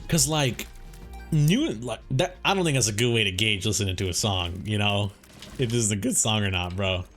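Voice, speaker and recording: A man's voice: on the low side, normal speed, a bit bright, faint music behind. A young man telling a story in a laid-back, rambling way over gameplay, swearing freely as he goes. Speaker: gaming YouTuber.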